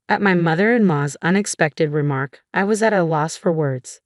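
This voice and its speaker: A woman narrating a first-person story in an even, measured manner. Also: lowish voice, no echo, studio quality.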